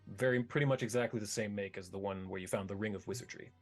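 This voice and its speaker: A man's voice: on the low side, quick pace, faint music behind. A man running a tabletop game online as game master, talking casually and correcting himself as he goes. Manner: casual, self-correcting, swears when flustered.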